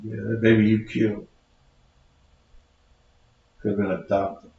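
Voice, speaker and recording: A man's voice: fairly low pitch, monotone, measured pace, gravelly. A man hosting a show, delivering a preachy, sarcastic rant. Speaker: host. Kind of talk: mocking talk-show rant. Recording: very echoey, dull lo-fi sound.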